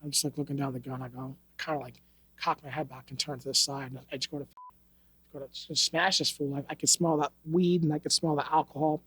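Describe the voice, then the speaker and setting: Flat in delivery and fast, his slightly high voice comes across a bit bright and husky. The speaker, a New York martial arts instructor, tells stories in a casual podcast interview in a podcast studio, blunt, profane and streetwise.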